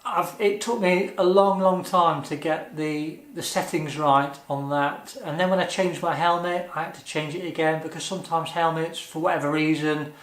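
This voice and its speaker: A man answering viewer questions in a casual vlog, earnest and chatty, pausing often with ums. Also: a little high, fairly even intonation, fairly bright tone, roomy sound.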